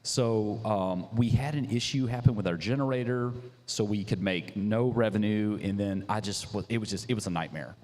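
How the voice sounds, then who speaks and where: A man founder telling a story in casual chat, animated and slangy, with lots of restarts. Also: fairly low pitch, normal speed, hardly any pauses. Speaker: coffee business founder, guest. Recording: echoey hall with faint noise.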